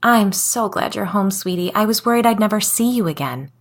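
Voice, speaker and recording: A woman's voice: medium pitch, expressive, brisk. A woman voicing a worried, tender mother who soothes her lost child in a spoken horror story. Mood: tearful relief. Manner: soothing, pleading softly.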